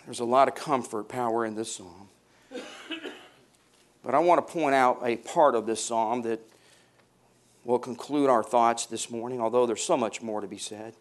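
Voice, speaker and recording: Preaching man, hushed to booming. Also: normal speed, pauses often. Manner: swings from hushed to loud, rising emphatic passages; calls for congregation responses. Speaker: pastor. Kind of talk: sermon.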